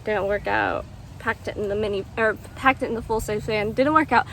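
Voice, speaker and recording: A woman's voice: mid-range voice, a little fast, a bit bright, rough recording. A young woman vlogger telling a story casually, rambling with lots of ums and acted-out quotes. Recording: faint background noise.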